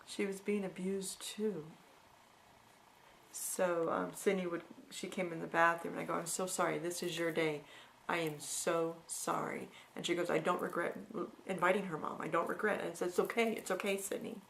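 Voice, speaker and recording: A woman's voice: fairly low pitch, steady tone, normal speed, gravelly, a bit bright, slight background noise. A middle-aged woman talking earnestly and reflectively about her own past, often restarting her sentences. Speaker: vlogger sharing personal experience. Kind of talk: candid personal talk.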